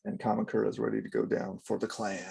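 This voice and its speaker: A man's voice: on the low side, little pitch movement, fast, creaky, a little mellow, slightly rough. A man hosting a casual comic book review, talking with wry, laughing commentary. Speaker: channel host.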